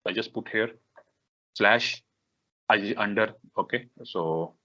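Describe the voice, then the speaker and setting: A workshop instructor with a lowish voice leads a live software tutorial, speaking in halting bursts full of fillers, restarts and repeated "okay"s. The recording is dull and lo-fi.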